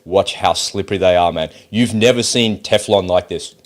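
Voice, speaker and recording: A man's voice: low voice, normal speed. A man with an Australian accent giving blunt, sarcastic, profane commentary on a video clip. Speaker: political commentator.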